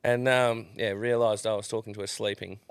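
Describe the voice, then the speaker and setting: A man, a guest on a chat podcast, telling sweary, animated stories. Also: lowish voice, brisk, clear, resonant tone, no room sound. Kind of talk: casual chat.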